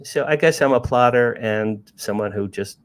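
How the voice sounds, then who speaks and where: A man in his sixties from New Jersey, appearing as an author guest, tells a casual story with animation, frequently restarting and repeating words. His voice is medium-pitched, clear and resonant, at a moderate pace.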